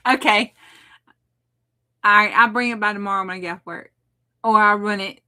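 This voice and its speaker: A woman's voice: mid-range voice, pushed and bright. A middle-aged woman hosting a craft livestream, chatting casually with her viewers and laughing often. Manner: chatty, laughs often, talks back to chat.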